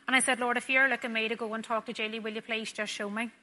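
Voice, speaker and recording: Bright-voiced woman, earnest testimony. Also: on the high side, fairly even intonation, fast talker. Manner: earnest, storytelling, drops soft and quiet at tender moments. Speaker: nurse giving a testimony. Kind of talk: personal testimony to a church audience.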